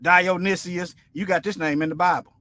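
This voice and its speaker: A man's voice: sits high, fairly even intonation, normal speed, pushed and bright. A man giving informal Bible teaching on a livestream, talking in a colloquial, rambling and emphatic way while he reads viewer comments.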